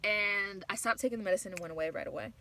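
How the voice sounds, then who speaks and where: A woman's voice: mid-range voice, racing, sharp tone, a little hiss or hum, low-quality recording. A tired young woman vlogging from a car, talking openly and rambling, often stopping and restarting her sentences. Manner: open, rambling, self-interrupting. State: tired from no sleep. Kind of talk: candid personal talk.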